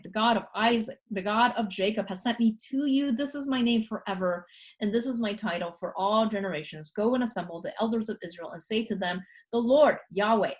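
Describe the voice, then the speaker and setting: A woman lecturing a university class in a casual way, often checking in with "okay?" and reading scripture passages aloud quickly. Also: medium pitch. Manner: conversational, frequent "okay?" and "you know" fillers. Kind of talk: recorded college lecture.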